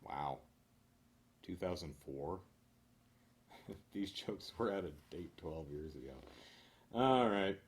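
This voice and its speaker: A man reading a list of corny jokes aloud in a deadpan way, chuckling now and then and making dry asides. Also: low-pitched, slow pace, long pauses. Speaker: joke reader.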